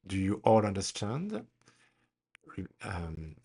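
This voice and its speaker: Slow, lively-pitched male language teacher. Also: husky. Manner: slow, deliberate, models questions with a strong rise. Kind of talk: recorded grammar lesson.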